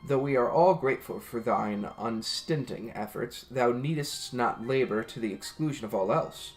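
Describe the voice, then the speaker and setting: A man voicing a solemn male scholar mage who speaks in old-fashioned thee-and-thou phrasing, slow and measured. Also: mid-range voice, faint music behind, close to an everyday voice. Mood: earnest.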